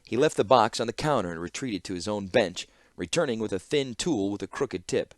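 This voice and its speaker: A man narrating a fantasy audiobook with expressive storytelling. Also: on the low side, a little fast, hardly any pauses, dry recording, clean studio sound. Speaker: audiobook reader.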